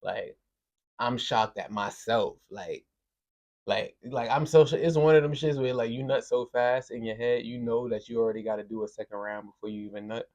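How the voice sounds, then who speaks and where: Gravelly New man telling a story. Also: medium pitch, normal speed, lo-fi sound. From Brooklyn, New York. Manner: animated, profane, acts out voices in quotes. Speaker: podcast host telling a story. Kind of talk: casual storytelling.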